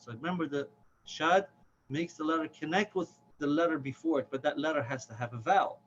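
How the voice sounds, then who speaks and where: Guy teaching quran reading step by step, slightly high voice, muffled recording. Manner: patient, slow, drawn-out chanted examples. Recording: dull lo-fi with faint hiss.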